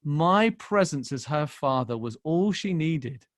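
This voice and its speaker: Impassioned pastor, fairly high voice. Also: male voice, expressive, slow, dry recording, studio quality. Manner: impassioned, shifting between hushed and loud emphasis; storytelling, personal and tender. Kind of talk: sermon. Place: church.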